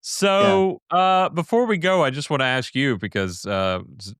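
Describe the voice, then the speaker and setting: A man's voice: on the high side, measured pace, fairly bright tone, smooth, no room sound, studio quality. A man hosting a casual chat, playfully dramatic with bursts of mock outrage. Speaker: podcast host.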